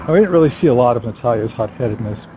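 A man's voice: medium pitch, lively intonation, fast, dark tone, a little hiss or hum, rough recording. A man talking through his writing plans in a casual walking vlog, rambling and correcting himself with a wry tone. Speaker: vlogger and novelist.

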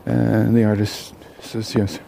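A man tells a parable aloud in a mellow voice, unscripted and halting, with frequent restarts and fillers. A faint hum of noise sits behind him. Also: mid-range voice, animated. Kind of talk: oral storytelling of a parable.

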